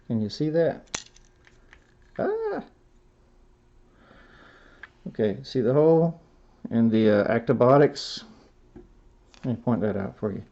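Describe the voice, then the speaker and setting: A man's voice: mid-range voice, mellow. A man narrating a hands-on robot build tutorial in a folksy, self-talking way, stopping to correct himself as he works. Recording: dull lo-fi sound.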